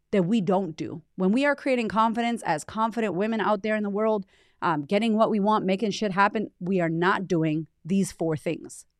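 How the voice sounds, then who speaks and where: A woman in her late thirties hosts a motivational podcast from home, talking straight to her listeners in a chatty, emphatic, playfully profane way. Her voice sits at a middling pitch, close to the microphone, with a dry sound and no room echo. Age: 30s. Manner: chatty, emphatic, swears casually. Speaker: podcast host. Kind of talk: casual motivational podcast talk. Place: home in Australia.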